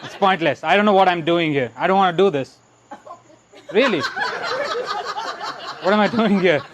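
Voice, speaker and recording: A man's voice: high-pitched, normal speed, dull audio, lightly acted. An actor playing an exasperated stand-up comedian with an Indian accent, ranting through his set in a comedy club. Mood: fed up. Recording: comedy club with crowd noise. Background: audience laughter.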